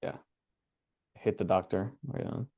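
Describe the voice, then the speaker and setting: A man hosting a workshop, walking through his screen in a relaxed, casual way and thinking aloud with many fillers. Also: deep voice, measured pace, gravelly, crowd noise. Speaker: workshop host. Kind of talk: casual screen-share walkthrough.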